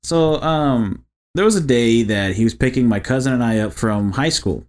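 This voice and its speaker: Animated, foul-mouthed podcast storyteller man. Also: mid-range voice, moderate pace. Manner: crude, animated storytelling with lots of swearing. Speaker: podcast co-host. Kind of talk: casual podcast chat.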